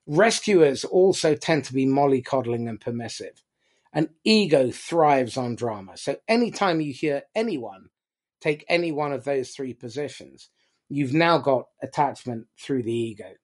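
A man giving a blunt, animated motivational talk to a business audience, swearing casually as he goes. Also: mid-range voice. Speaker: business speaker.

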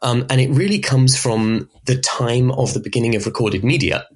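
Berkshire-accented guy on a podcast, husky voice, chatty and expressive. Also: mid-range voice, normal speed. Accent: Southern English, Berkshire. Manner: expressive, demonstrates speech sounds, light laughs. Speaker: podcast guest, voice specialist. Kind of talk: conversational interview.

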